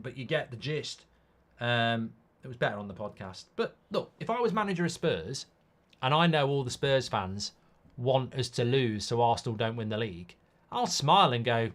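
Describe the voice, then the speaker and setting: Bloke doing a live footy watchalong, reads chat out, blunt, swears here and there, mid pitch. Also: male voice, animated, normal speed, fairly bright tone. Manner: casual and blunt, reads out viewer comments, swears. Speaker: host. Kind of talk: live football watchalong commentary.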